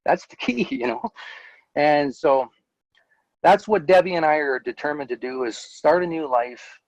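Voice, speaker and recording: A man's voice: fairly high pitch, measured pace, creaky, no room sound, highs cut off. Earnest man telling candid stories. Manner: earnest, animated, laughs while telling stories. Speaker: interview guest, former Jehovah's Witness elder. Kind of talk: candid conversational storytelling.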